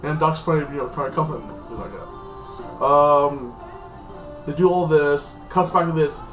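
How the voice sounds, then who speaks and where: Recorded from a distance in an echoey space with faint music, a man reviews a TV show in a loose, rambling recap of an episode. He leans heavily on fillers, repeating "like this" and "freaking," and speaks at a measured pace in a higher-pitched voice.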